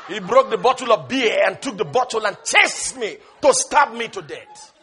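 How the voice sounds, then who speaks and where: A man preaching a sermon with passion, swinging from shouted lines to hushed asides. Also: sits high, lively intonation, moderate pace, slightly rough.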